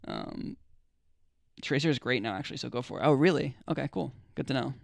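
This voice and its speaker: A man's voice: mid-range voice, lively intonation, fairly quick, gravelly, dry recording, clean studio sound. A young American man chatting casually with viewers on his live stream, laid-back and rambling, with lots of fillers and restarts. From United States. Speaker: livestreamer.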